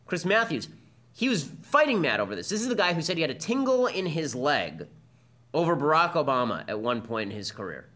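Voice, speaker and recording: Guy ranting fast on his podcast, bright voice, pitch jumping all over. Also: big pitch swings. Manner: combative, fast-talking monologue. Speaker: podcast host. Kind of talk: political commentary podcast.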